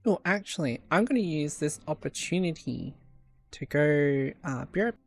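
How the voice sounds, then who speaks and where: A woman's voice: sits low, expressive, normal speed, faint music behind. A woman streamer reading dialogue aloud during a live game playthrough, laughing often.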